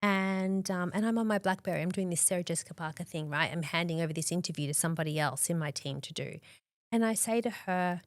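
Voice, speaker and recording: A woman's voice: on the low side, quick pace, no echo, clean studio sound. An Australian woman in her forties, a podcast guest telling her story candidly and acting out the dialogue she quotes. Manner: animated, acts out quoted dialogue, frequent "like".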